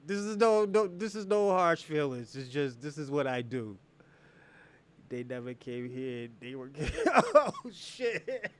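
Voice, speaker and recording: High-voiced man taunting his livestream viewers. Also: big pitch swings, measured pace, clean tone. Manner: mocking and taunting, laughs often, heavy profanity. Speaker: livestream host. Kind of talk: casual livestream banter with viewers.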